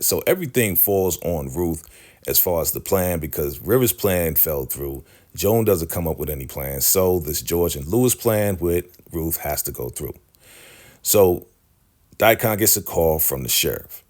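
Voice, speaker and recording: A man's voice: extremely low pitch, expressive, normal speed, a little mellow. A man casually recapping a TV episode, acting out the characters' lines and laughing often. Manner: retells scenes by acting out dialogue in shifting voices; laughs often, slangy chat. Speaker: recap host.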